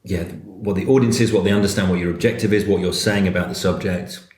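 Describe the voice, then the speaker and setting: A man giving casual advice on performing, animated and chatty. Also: low voice, fast. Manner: animated, chatty, slips into quoted voices. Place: cafe. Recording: echoey room.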